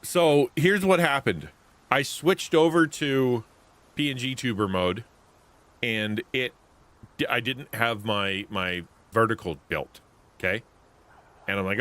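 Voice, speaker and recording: A man's voice: mid-range voice, lively intonation, takes it slowly, pauses often, a bit bright. A man livestreaming a video game, talking in a rambling, chatty, self-interrupting way. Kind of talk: casual gameplay commentary.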